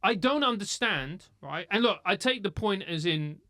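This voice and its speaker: A man talking as a guest on a podcast, animated and laughing, swearing casually. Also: high voice, moderate pace, dry recording, clean studio sound. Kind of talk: casual chat.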